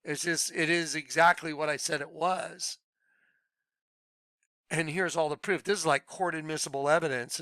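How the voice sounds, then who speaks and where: A man talking excitedly to his viewers, laughing often and trailing off mid-sentence. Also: a little high, normal speed, long pauses, dry recording. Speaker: video blogger. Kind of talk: rambling monologue to viewers.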